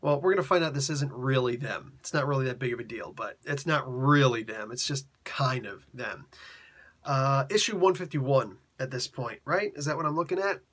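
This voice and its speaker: Husky man retelling a comic. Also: mid-range voice, moderate pace, fairly bright tone. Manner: chatty, slangy, laughs often. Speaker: comic book reviewer. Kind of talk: casual retelling of a comic story.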